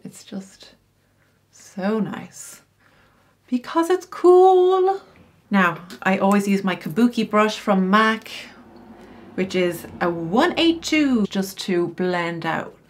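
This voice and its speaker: A middle-aged woman style coach talking through her makeup routine in a chatty, explanatory way, with casual asides. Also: on the low side. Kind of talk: makeup tutorial.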